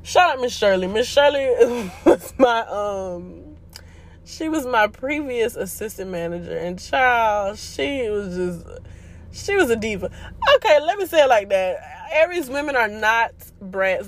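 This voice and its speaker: A young woman hosts a casual chat podcast, chatty and slangy, laughing often. Her voice is medium-pitched with lively intonation, at a normal speed.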